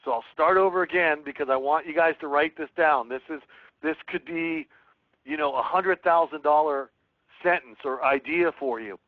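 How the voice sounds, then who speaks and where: Man, sales trainer, earnest coaching, higher voice, tinny phone-like line, dry. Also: normal speed, no echo. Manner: earnest, reads sample calls aloud and coaches. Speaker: real estate sales trainer. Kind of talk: webinar teaching with script role-play.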